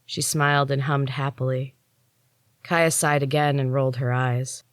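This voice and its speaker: A woman storyteller reading a novel chapter aloud in a measured, expressive way. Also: rumbling low, clean tone, dry recording. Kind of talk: audiobook reading.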